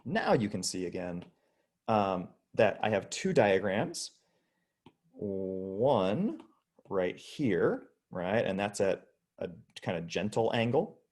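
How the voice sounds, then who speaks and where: Chatty low-voiced male physics teacher. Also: very animated, takes it slowly, darkish tone. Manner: chatty, demonstrates physically while explaining. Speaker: high school physics teacher. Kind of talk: casual online physics lesson.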